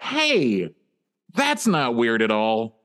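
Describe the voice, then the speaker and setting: A man's voice: mid-range voice, wildly swooping pitch, drawn-out words, a bit bright. A man telling a story in a casual comedy podcast, with a dry, self-deprecating delivery.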